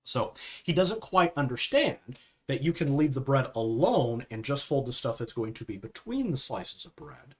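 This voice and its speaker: Brief: male film reviewer, casual and rambling, mid-pitched voice, full of fillers. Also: very animated, normal speed, husky. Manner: rambling, with frequent fillers and "okay?" asides.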